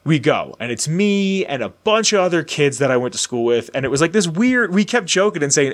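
Brief: late-20s male co-host, animated storyteller, very expressive pitch, jumps into quoted voices. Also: a little fast, few pauses. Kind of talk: casual storytelling chat.

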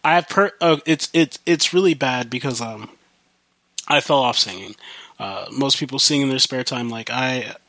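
This podcast host is a Midwestern American man with a faint country twang who rambles, curses a lot and leans on fillers. He talks at a moderate pace in a mid-range voice that sounds pushed and bright, with no room sound.

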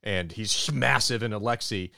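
A man co-hosting a podcast, recapping a film in an animated storytelling way. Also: fairly low pitch, moderate pace, vocal fry, no room sound, studio quality. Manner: animated storytelling, acts out character quotes. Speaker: podcast co-host. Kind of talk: movie review recap.

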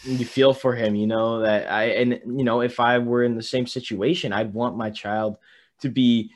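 Man talking haltingly in casual chat. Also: mid-range voice, fairly even intonation. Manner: halting, searching for words, earnest. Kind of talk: casual chat about a film.

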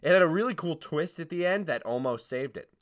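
A man's voice: fairly high pitch, animated, brisk. A young man co-hosting a casual podcast, rambling and restarting as he tells stories. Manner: rambling, self-interrupting, giggly. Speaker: podcast co-host.

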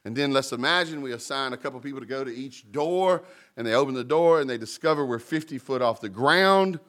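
A man preaching in a church, telling stories and paraphrasing scripture in a relaxed, conversational way. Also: medium pitch, brisk. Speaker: pastor. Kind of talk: sermon.

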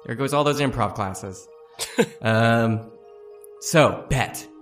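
A man's voice: mid-range voice, slow pace, fairly bright tone, soft background music. A man voicing a sly, bored male beast in a tabletop game, coaxing and playful with a folksy manner. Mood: teasing.

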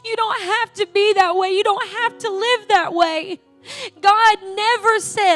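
A woman's voice: extremely high pitch, steady tone, measured pace, fairly bright tone, soft background music. A woman preaching a sermon and leading an altar call prayer, pleading and emotional, tearful at times.

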